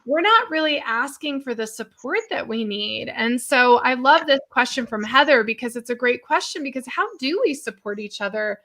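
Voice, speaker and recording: A woman host with a fairly high, bright voice talks in a warm, gushing way. She chats casually and freely with her guest. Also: animated, normal speed, hardly any pauses. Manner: effusive, chatty. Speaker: podcast host. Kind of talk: casual conversation.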